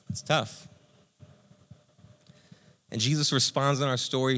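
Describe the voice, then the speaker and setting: A man pastor giving a conversational, energetic sermon, speaking to listeners as friends. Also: mid-range voice, takes it slowly, long pauses.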